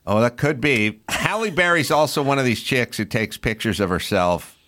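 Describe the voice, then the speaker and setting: Brief: blunt comedy host, sharp tone, jumpy pitch, swears freely. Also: male voice, animated, normal speed. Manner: blunt, sarcastic, profane riffs. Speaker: podcast host. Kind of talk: casual comedy podcast banter.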